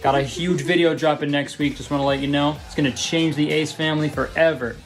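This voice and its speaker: A man's voice: on the high side, steady tone, fairly quick, loud music behind the voice, close to an everyday voice. A man doing a mocking impression of a brash young male family vlogger, hyped and smug. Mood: smug hype. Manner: hyped, smug vlog greeting voice.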